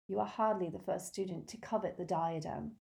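Haughty woman ghost, voiced by a woman narrator: cool, stiff, mellow and low. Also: measured pace, lightly acted. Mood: disdainful. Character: haughty, proud woman ghost, cold then confessing. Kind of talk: audiobook character reading.

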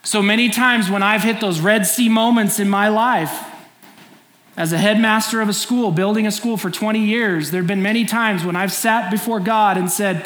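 A man's voice: high voice, steady tone, normal speed, a bit bright. A middle-aged man preaching a sermon in a conversational, storytelling way, acting out scenes. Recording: echoey room, faint ambience.

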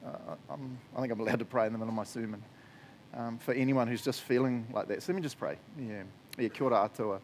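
Chatty New Zealand preacher, mid-pitched. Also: male voice, fast talker, a little hiss or hum. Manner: casual, chatty, laughs easily, tag question "eh". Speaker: pastor. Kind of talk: sermon. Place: church.

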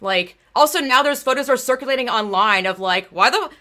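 Heated, blunt woman with a bright voice. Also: high-pitched, lively intonation, brisk. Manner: blunt, swears a lot, gets heated. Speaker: former bike racer. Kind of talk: casual conversation.

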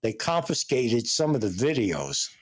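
Husky guy rambling and cussing thru stories, voice bounces up and down a lot. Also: mid-range voice, sing-song, a little slow. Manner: profane, rambling storyteller. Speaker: host. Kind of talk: casual chat.

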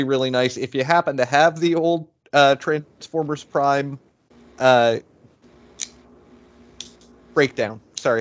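A man co-hosting a casual podcast chat, easygoing and self-deprecating, with halting restarts. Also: medium pitch, muffled recording. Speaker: podcast co-host. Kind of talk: casual chat about toy purchases.

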